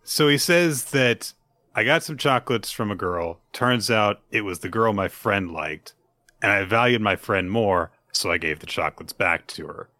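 Low, bright-voiced man recapping manga. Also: moderate pace, dry recording. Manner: animated recapping, acting out characters' lines. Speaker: podcast co-host. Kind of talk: casual chat recapping manga chapters.

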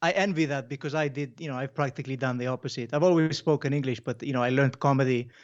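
A man's voice: mid-range voice, quick pace, no echo, lo-fi sound. A man who is a comedian, a guest chatting casually and jokingly on a podcast. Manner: chatty, jokey storyteller.

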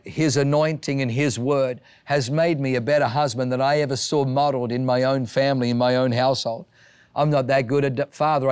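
A male pastor delivers a sermon full of animated storytelling, acting out the voices of the people in his tales. His mid-range voice is clear and resonant, with no room sound.

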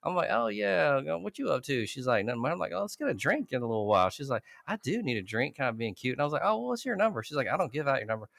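Male podcast co-host, bright and animated, laughs a lot, dry close mic. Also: medium pitch, fast talker, gravelly, hardly any pauses, no room sound. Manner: animated, laughing, loud quoting bursts. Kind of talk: casual profane storytelling.

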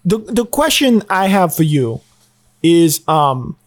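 A man playing a tabletop game, cracking deadpan jokes. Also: fairly high pitch, slow. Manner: deadpan, joking. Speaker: player. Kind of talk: casual tabletop role-play.

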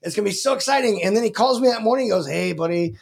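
A man's voice: extremely high pitch, very fast, slightly rough. A man co-hosting a podcast, chatting casually, rambling, swearing and laughing often. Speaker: podcast co-host. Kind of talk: casual chat.

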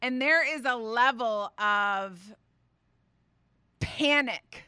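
A woman in her thirties hosts a faith talk, telling a story with lively, rambling energy. Her voice sits a touch high and comes through smooth and bright. The sound is close and dry. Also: drawn-out words, no echo. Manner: chatty, animated, many fillers. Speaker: podcast host.

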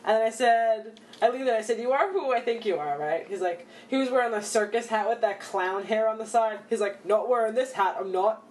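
A woman telling a story in casual chat with friends, animated and laughing often. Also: fairly high pitch, fairly quick, few pauses, slight background noise.

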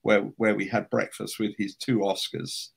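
A man's voice: fairly low pitch, level tone, normal speed, gravelly, breathy edge. An older man, a writer, telling chatty anecdotes as a guest in an interview, with frequent restarts and fillers.

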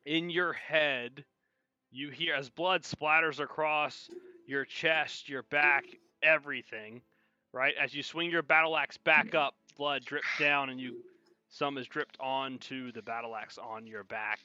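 Game master, male, very bright tone, dull dry lo-fi recording. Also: medium pitch, steady tone, no echo. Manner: slows down for dramatic narration. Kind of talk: narrating a tabletop game.

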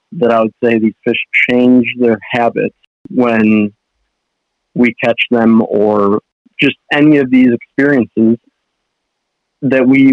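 A young man, a fishing guide appearing as a guest, chats casually on a podcast, rambling and restarting his sentences often. His voice is mid-range, and the podcast audio is dull and dry.

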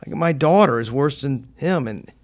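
A man's voice: medium pitch, animated, moderate pace, darkish tone. Crude, joking middle-aged man. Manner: crude, self-mocking joking. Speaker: podcast co-host. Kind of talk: casual chat.

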